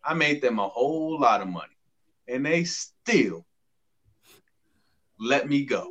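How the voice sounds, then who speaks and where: A man's voice: mid-range voice, big pitch swings, slow pace, fairly bright tone, breathy edge. A man in a casual group discussion, speaking emphatically and repeating phrases to drive a point home. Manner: emphatic, repeats himself when making a point.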